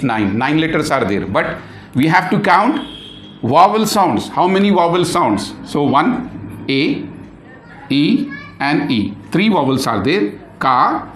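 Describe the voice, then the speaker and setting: A man with a slightly high voice teaches a lesson at a very slow pace, repeating himself and spelling words out one letter at a time. The room has a noticeable echo. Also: slight background noise. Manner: asks the class questions and answers them himself. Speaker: English teacher. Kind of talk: classroom lesson. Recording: echoey room.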